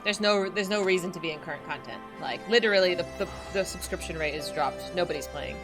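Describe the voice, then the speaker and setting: A woman's voice: on the low side, fast, over music. A woman streaming a game, chatting casually and giggling with her viewers. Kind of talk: casual live-stream chat.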